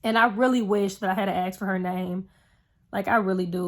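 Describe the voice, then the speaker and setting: A woman's voice: mid-range voice, little pitch movement, normal speed. A young woman vlogging to camera, telling a personal story in a rambling, earnest way full of fillers. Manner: emotional, heartfelt retelling.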